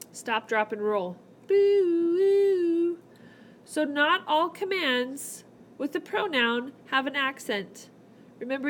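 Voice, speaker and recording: A woman walks through grammar at an unhurried pace, with playful asides between her step-by-step explanations. Her voice sits a little high. Faint hiss runs under the tablet recording. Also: a bit bright. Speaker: Spanish teacher. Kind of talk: recorded whiteboard lesson. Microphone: tablet microphone.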